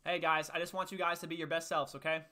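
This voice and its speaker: Out of breath from push-ups, the young host of a casual faith livestream reads and responds to viewers' chat in an upbeat, chatty manner. He talks fast in a high-leaning voice with little pitch movement, sounding pushed and bright.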